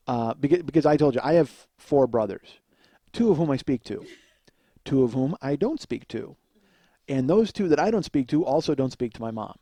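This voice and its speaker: A man in his forties hosts his own comedy podcast as a loose storytelling monologue. He rambles and mocks himself, with many fillers. His voice is mellow and warm rather than bright, in the middle range for pitch. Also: normal speed, no room sound. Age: 40s. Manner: rambling, self-deprecating, full of fillers.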